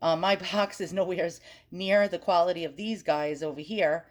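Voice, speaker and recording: Chatty woman with a lowish voice. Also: steady tone, normal speed. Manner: chatty, frank, swears mildly, stumbles over French words. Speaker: antiques channel host. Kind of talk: casual screen-recorded research commentary. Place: at home at her computer.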